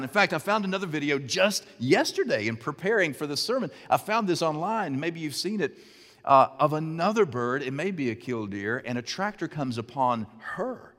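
Man, pastor, animated storytelling sermon, slightly high voice, echoey hall. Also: normal speed. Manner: animated storytelling, conversational asides.

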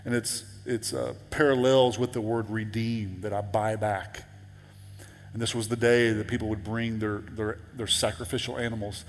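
A man's voice: on the low side, little pitch movement, moderate pace, big-room sound. A man preaching a sermon as pastor in a church, conversational and repetitive, now and then rising to emphatic peaks. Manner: conversational, repeats words and restarts, rises to emphatic peaks. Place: church sanctuary.

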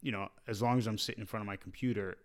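A man's voice: lowish voice, steady tone, racing. A man co-hosting a podcast about fatherhood, chatting in a laid-back way with short quips and easy laughs. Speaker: podcast co-host. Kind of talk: casual chat.

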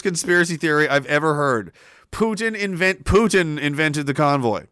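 A man's voice: a little high, lively intonation, normal speed, bright, forceful tone, clear, resonant tone, dry recording, studio quality. A man streaming casually, reading chat aloud and rambling sarcastically with lots of fillers. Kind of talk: casual live-stream commentary.

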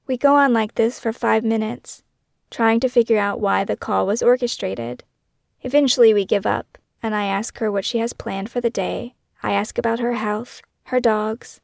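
A woman with a slightly high voice full of vocal fry reads her scripted true-crime memoir. She sounds measured and brooding, turning questions over one after another. The recording is dry and close, with no room sound. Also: fairly even intonation, dry recording. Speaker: podcast host and narrator.

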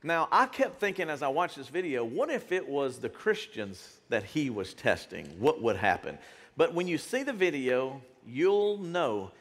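Lively pastor preaching in a hall. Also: male voice, fairly high pitch, measured pace. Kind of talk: sermon. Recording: reverberant church hall.

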